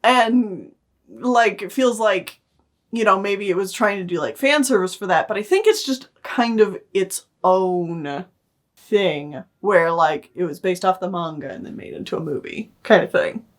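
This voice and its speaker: A woman's voice: mid-range voice, unhurried. Chatty woman co-hosting a film podcast. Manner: chatty, loose, many fillers. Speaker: podcast co-host reviewing films. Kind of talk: casual chat.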